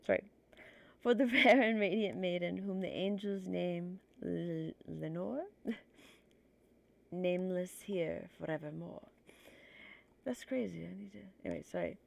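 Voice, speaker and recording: A woman's voice: lowish voice, unhurried, gravelly, long pauses. A woman streamer with a stuffy nose reading poetry aloud on a livestream, nervous and self-conscious, apologizing for her slips.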